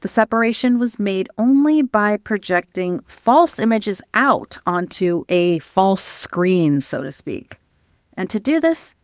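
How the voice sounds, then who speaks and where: A woman podcast host giving a calm, earnest teaching talk over slides. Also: medium pitch, no room sound, studio quality.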